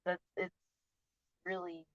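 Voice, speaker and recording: A woman speaks slowly in a casual personal vlog, recorded dry on dull lo-fi equipment. Open and candid about her emotions, she rambles and keeps trailing off before restarting.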